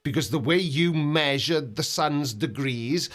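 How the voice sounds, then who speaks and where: A man's voice: a little high, a little slow, a bit bright. Sarcastic man. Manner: mocking, sarcastic. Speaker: reaction video host. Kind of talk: sarcastic commentary.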